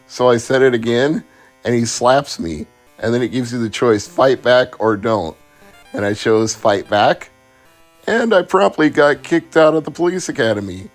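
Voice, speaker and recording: A man's voice: medium pitch, animated, normal speed, faint music behind. A man reviewing homebrew video games, who retells his playthrough in a sardonic, chatty way. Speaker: game reviewer. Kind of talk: casual video game review.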